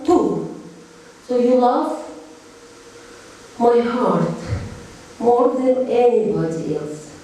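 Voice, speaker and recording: Woman dance teacher counting steps slow, soft mellow voice, far from mic in a big echoey room. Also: fairly high pitch. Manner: counts beats aloud, explains song lyrics. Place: dance studio.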